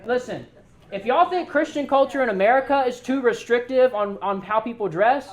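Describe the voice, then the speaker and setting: A man giving an animated, joking sermon to a youth group as youth pastor, often telling the crowd to listen. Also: extremely high pitch, normal speed. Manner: casual everyday slang.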